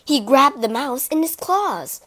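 A woman narrating children's fables in a lively, expressive storybook reading. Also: high voice, a little slow.

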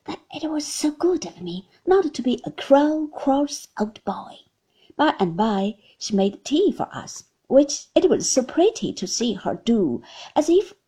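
A woman reading a classic novel aloud as an audiobook narrator, in an expressive, lilting way. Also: a little high, breathy edge. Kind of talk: scripted narration.

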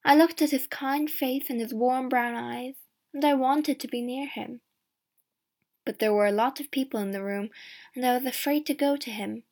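A woman narrates a storybook in a plain, measured reading voice. Her pitch sits somewhat high. She reads each line evenly and clearly. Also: darkish tone. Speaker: audiobook reader. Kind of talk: scripted narration.

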